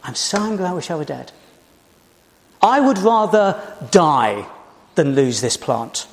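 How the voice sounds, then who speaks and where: A man's voice: fairly high pitch, big pitch swings, measured pace, reverberant, in a large hall. A man voicing a sulking, melodramatic male prophet, with an exaggerated whining delivery. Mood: sulky.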